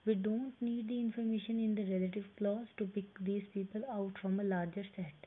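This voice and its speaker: A woman's voice: mid-range voice, fairly even intonation. Indian woman teaching grammar, tinny audio. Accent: Indian English. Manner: explains step by step, reads examples aloud slowly. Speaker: English teacher. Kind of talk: classroom grammar lesson. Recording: tinny phone-like audio with faint hiss.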